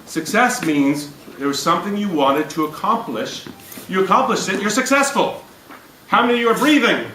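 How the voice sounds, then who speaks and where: Man, motivational speaker, lively and jokey, fairly high voice, echoey room recorded from afar, background noise. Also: moderate pace, far from the mic. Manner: energetic, jokey, addresses the crowd with questions. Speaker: speaker at a business event. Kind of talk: motivational talk to a live audience. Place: event room before an audience.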